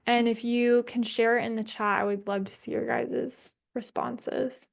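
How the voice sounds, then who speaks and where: A young woman guides an online somatics workshop in a casual, candid way, thinking aloud and dropping the odd swear word. Her voice sits a little higher than most. She comes through a video call microphone. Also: fairly even intonation, unhurried, vocal fry.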